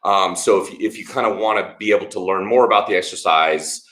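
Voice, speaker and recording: A man's voice: low-pitched, fairly quick, a bit bright, roomy sound. A man co-hosting a fitness channel, reading viewer comments aloud and giving friendly, encouraging replies.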